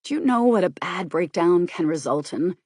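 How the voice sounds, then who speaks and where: A woman's voice: lowish voice, animated, normal speed, darkish tone, breathy edge, no room sound, clean studio sound. A woman reading as a grave, worried man. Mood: persuasive.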